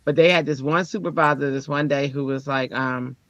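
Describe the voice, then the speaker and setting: A woman's voice: moderate pace, few pauses, dry recording, muffled recording. A woman, a teacher, telling a personal story in casual chat and acting out the people she quotes. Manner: animated, acts out quoted people with jumps in pitch.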